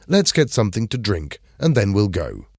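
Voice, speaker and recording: A man's voice: on the low side, sing-song, moderate pace, creaky, darkish tone, husky, no room sound, clean studio sound, exaggerated voice. A man voicing a resourceful teenage schoolboy who speaks with earnest urgency.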